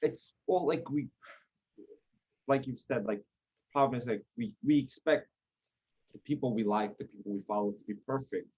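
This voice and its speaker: A man's voice: mid-range voice, moderate pace, long pauses, darkish tone, slightly rough, dull audio. A man talking as a podcast guest in a loose, rambling way, circling back and restarting his thoughts. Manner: rambling, lots of fillers and restarts. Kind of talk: casual conversation.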